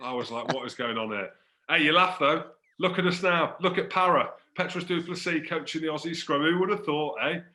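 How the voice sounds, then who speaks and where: Bright-toned teasing Scottish man host. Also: on the high side, fairly quick, hardly any pauses, reverberant. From Scotland. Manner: joking, teasing, animated. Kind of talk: casual interview banter.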